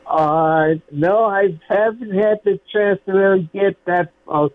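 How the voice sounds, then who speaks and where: A man calling in as a guest who talks haltingly and hesitantly. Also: high voice, no echo. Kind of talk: casual chat. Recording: dry, tinny phone line.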